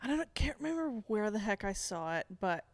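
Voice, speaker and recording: A woman's voice: mid-range voice, sing-song, fairly quick. A woman co-hosting a podcast in casual chat, talking in a loose, chatty way with lots of fillers. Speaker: podcast co-host.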